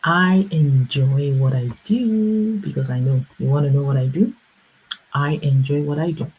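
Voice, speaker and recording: A middle-aged woman hosting a casual livestream, telling an animated personal story with laughter and acted-out voices. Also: deep voice, slightly rough, low-quality recording. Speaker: livestream host and business coach.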